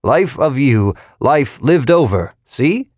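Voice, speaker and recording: A coarse, jovial old man's voice, pitched well above the reader's own, bouncing high and gloating. A man puts him on while narrating a storybook. The sound is dry and close. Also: lively intonation, slow pace, a little mellow, slightly rough, dry recording. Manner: gloating, chuckling. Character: jovial, vulgar elderly man on a speaker.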